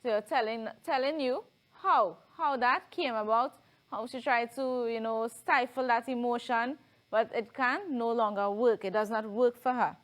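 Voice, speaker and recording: A woman's voice: on the high side, moderate pace. A woman with a Trinidadian accent teaching a televised lesson, explaining step by step and often checking in with "right?".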